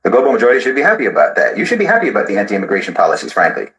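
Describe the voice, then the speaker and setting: A man's voice: lowish voice, huge pitch swings, racing, a bit bright, echoey room, rough recording. A man giving a political commentary monologue, lecturing in a sardonic tone.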